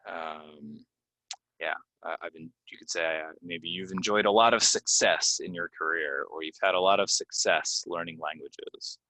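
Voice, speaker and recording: A man teaching English pronunciation from slides, repeating each word slowly and giving example sentences with many ums. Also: deep voice, pushed and bright, no echo, poor audio. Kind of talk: slide-based pronunciation lesson.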